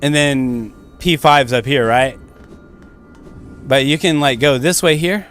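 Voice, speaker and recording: A man's voice: medium pitch, takes it slowly, a bit bright, faint music behind. A young man streaming a game, rambling casually through commentary and swearing freely.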